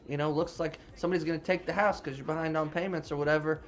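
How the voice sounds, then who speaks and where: A man voicing a nosy male mailman who talks in halting, fake-friendly bits. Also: a little high, fairly even intonation, voice pushed up, lightly acted.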